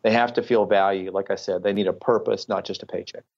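A man's voice: lowish voice, steady tone, fast talker, highs cut off. A middle-aged man, a retired military officer, earnestly explaining ideas with examples as a podcast guest. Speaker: guest, retired Air Force colonel. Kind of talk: podcast interview answers.

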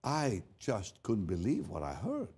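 An older man, a pastor, telling a story in a sermon, swinging from hushed asides to loud emphatic lines and often repeating words as he goes. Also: fairly low pitch, huge pitch swings, unhurried, slightly rough.

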